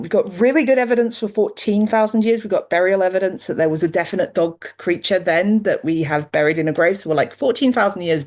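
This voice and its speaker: A British woman, a dog behavior researcher, explaining her findings in a chatty, lively interview manner. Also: mid-range voice. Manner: chatty and lively, laughing easily, with mild restarts.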